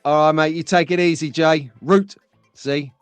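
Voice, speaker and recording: A man's voice: a little high, fairly even intonation, moderate pace, smooth, dry recording, soft background music. A man hosting a casual live stream, chatty and jokey, talking to viewers by name.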